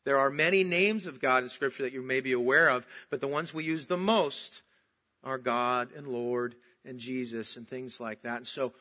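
A man preaching a sermon, emphatic, swinging from loud outbursts to slow, hushed stresses. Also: mid-range voice. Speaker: pastor. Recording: dull lo-fi recording.

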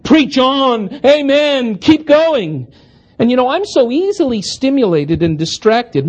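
Animated husky male preacher telling a story. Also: high-pitched. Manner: animated, self-deprecating humor. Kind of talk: storytelling sermon.

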